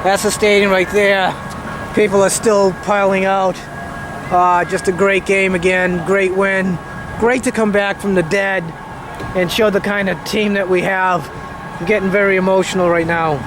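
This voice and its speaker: High, slow-talking excited fan on a noisy street. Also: male voice. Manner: excited, chanting, walking while talking. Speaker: sports fan vlogger. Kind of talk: live post-game vlog. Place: outdoors on a city street near a stadium. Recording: noisy outdoor street recording.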